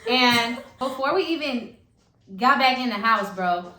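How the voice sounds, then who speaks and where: A woman's voice: a little high, animated, a little slow, pushed and bright. A young woman telling a story in casual chat, blunt and profane, often jumping in. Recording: echoey room with faint noise.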